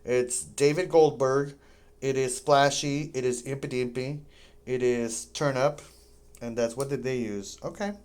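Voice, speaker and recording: A man's voice: mid-range voice, steady tone, a little slow, darkish tone, clear, resonant tone, low-quality recording. A man giving rambling casual commentary to viewers while he plays a game, wandering from topic to topic and breaking off mid-sentence. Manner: meandering, self-interrupting, talks to viewers. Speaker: gaming streamer.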